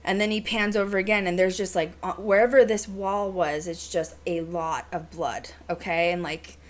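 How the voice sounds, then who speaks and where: A woman hosting a podcast, telling a story in casual chat, animated and full of "like" and "you know". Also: fairly low pitch, normal speed. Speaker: podcast host.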